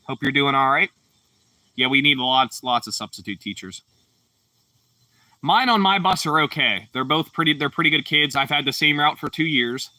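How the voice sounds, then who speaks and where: A man's voice: a little high, normal speed, bright, forceful tone, dry recording, recorded from a distance. A man from Pittsburgh, chatting casually on a livestream and reading out chat comments in a laid-back, rambling way with lots of fillers. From Pittsburgh, Pennsylvania. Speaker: livestream host.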